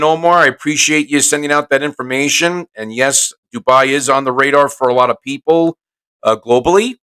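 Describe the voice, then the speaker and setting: A man's voice: medium pitch, pushed and bright, poor audio. A man hosting his podcast as a realtor, talking in a brash, chatty, salesy way. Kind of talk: casual solo podcast talk.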